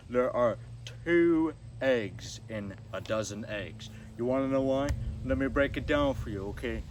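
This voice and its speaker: A man voicing a dim-witted, overconfident young male game show contestant who brags and explains things in a slow, rambling way. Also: medium pitch, darkish tone. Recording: distant mic with background noise.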